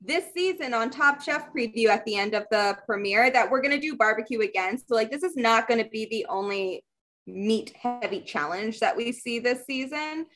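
A woman's voice: a little high, animated, normal speed, fairly bright tone. A young woman co-hosting a podcast in casual chat, talking with lots of fillers. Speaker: podcast co-host.

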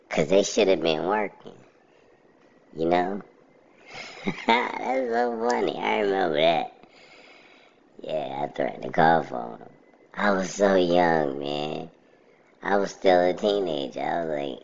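A man's voice: low-pitched, vocal fry. A young man, telling a story in a laid-back, chuckling way during an interview. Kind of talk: casual storytelling. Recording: slightly muffled audio.

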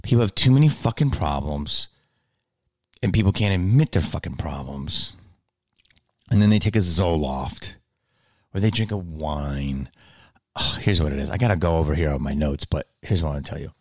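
A man's voice: extremely low pitch, expressive, normal speed, pauses often, darkish tone. A middle-aged man comedian ranting in a heated, profane, swaggering way.

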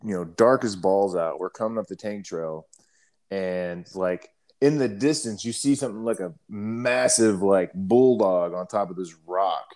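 A middle-aged man talks in an easygoing, casual way, his voice sitting fairly low. He swears freely and tells army stories, acting out the other people's lines as he goes. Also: measured pace, a little mellow. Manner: laid-back, profane storytelling with quoted dialogue. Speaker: army veteran telling stories. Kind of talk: casual chat.

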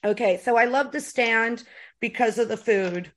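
A woman's voice: fairly high pitch, normal speed. A middle-aged woman from the United States chatting on a podcast, telling stories with lots of swearing and fillers. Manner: animated, profane storytelling with many fillers. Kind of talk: casual podcast chat.

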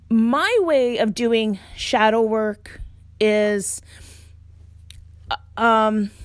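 In a casual, reflective talk to camera, a solo vlogger shares spiritual practice tips in a mid-range voice without echo. Her speech is hesitant, with plenty of fillers as she hunts for the right words.

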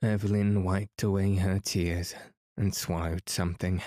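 A man reading a novel aloud calmly for a sleep podcast. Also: sits low, unhurried, dry recording, studio quality. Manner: calm, soothing reading. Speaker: podcast narrator. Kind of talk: bedtime audiobook narration.

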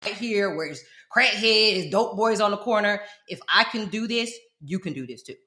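Animated, bright-voiced woman guest. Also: medium pitch, moderate pace, reverberant. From Jamaican parents, grew up in South Florida. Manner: animated, emphatic, quotes others in lively voices. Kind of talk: candid conversational storytelling.

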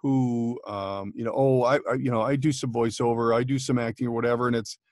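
A man's voice: mid-range voice, steady tone, a little fast, darkish tone, dry recording, clean studio sound. Chatty man telling voiceover stories. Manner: chatty, laughing storyteller with many restarts. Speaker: podcast guest, voice actor. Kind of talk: casual chat. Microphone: home studio microphone.

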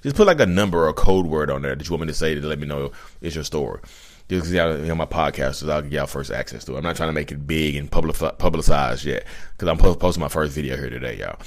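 A man's voice: rumbling low, fast. A man hosting his own channel, talking casually and animatedly to his listeners and calling them y'all over and over. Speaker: self-aware narcissist channel host. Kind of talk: casual direct-to-camera talk. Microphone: podcast-style recording.

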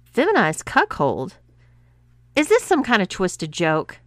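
A woman's voice: medium pitch, huge pitch swings, slow, dry recording, clean studio sound. A woman voicing a wary, cautious adult husband who protests warily. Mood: wary protesting.

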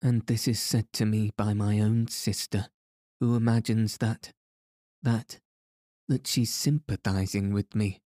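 A man voicing a proud, bitterly upset young woman in an audiobook, reading her lines slowly and low-key. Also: steady tone, mellow, dry recording, studio quality, natural voice.

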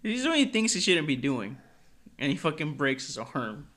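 A man's voice: a little high, sing-song, normal speed, fairly bright tone. A young man in casual podcast chat, playful and teasing, often laughing.

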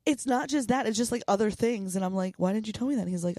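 A woman's voice: mid-range voice, racing, warm tone, no room sound, studio quality. Blunt, rambling woman podcast co-host. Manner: blunt, swears freely, rambling. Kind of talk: casual podcast chat.

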